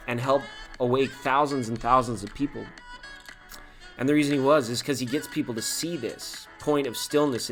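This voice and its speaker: A man hosting a live tarot stream in casual chat, talking to viewers by name and laughing often. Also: medium pitch.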